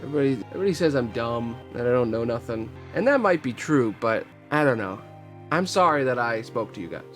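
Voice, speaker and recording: A man's voice: medium pitch, expressive, fast talker, soft background music, close to an everyday voice. A man voicing Perry, a timid, nervous young shop helper who stammers and apologizes.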